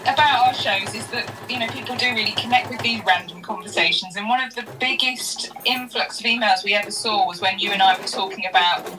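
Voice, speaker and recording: A woman's voice: mid-range voice, brisk, hardly any pauses, background noise. A woman co-hosting a live crafting show, chatting frankly and self-deprecatingly and laughing as she talks. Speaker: co-host. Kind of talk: casual chat.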